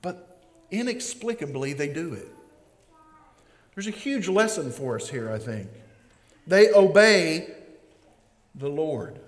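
A man preaching a sermon in a lively, joking way, acting out the scenes he describes. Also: fairly high pitch, takes it slowly, pauses often. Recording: long reverb of a hall.

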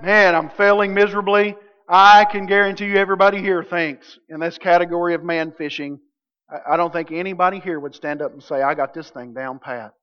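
A man preaching a sermon as pastor, conversational and jokey, acting out quotes from his listeners. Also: high voice. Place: church sanctuary. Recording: dull sound with long hall reverb.

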